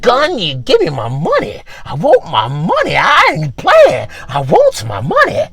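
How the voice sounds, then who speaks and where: A man's voice: sits high, huge pitch swings, a little slow, gravelly, fairly bright tone, exaggerated voice. A man voicing sweaty underwear as a thug insistently demanding money. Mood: menacing.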